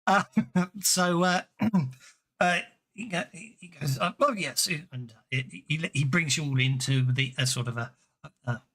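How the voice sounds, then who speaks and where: A man narrating as game master in a tabletop game, halting with many fillers. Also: on the high side, fairly bright tone.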